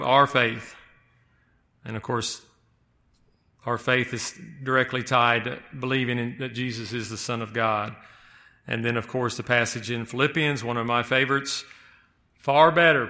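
A man preaching a sermon, speaking haltingly with frequent restarts and slowing down to stress key words. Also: medium pitch, sharp tone.

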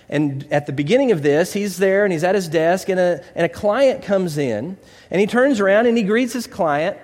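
A man preaching a conversational sermon, asking rhetorical questions and telling stories. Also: sits high. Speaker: pastor. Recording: long hall reverb.

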